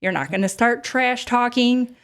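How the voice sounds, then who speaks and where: A woman's voice: fairly high pitch, normal speed, a bit bright, clean tone. A woman in her thirties hosting a casual advice podcast, chatty, with many fillers and frequent laughs. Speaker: podcast host.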